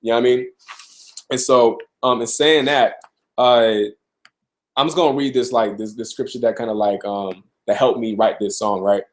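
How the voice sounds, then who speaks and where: A young man from Arizona chats through a casual live Q&A, clearing a slightly sick throat now and then. He talks loosely, stacking fillers and restarts as he goes. His voice rests at a middle, everyday pitch. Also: steady tone, moderate pace. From Tucson, Arizona. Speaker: rapper answering viewer questions.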